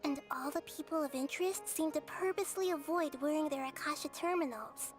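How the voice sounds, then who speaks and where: A woman voicing a gentle, young-sounding goddess of wisdom in a video game, speaking softly and thoughtfully. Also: high-pitched, a little fast, lightly acted. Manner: soft, calm, thoughtful. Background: game music.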